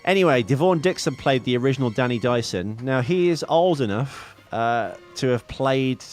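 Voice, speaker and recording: A man's voice: medium pitch, lively intonation, moderate pace. A man co-hosting a podcast, chatting casually about films, rambling and correcting himself with jokes. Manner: rambling, self-correcting, jokey. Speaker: podcast co-host. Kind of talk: casual film chat.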